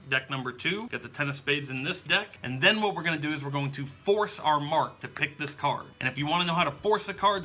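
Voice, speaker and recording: Male tutorial host, bright and slightly high, upbeat step-by-step explainer. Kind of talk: instructional demonstration.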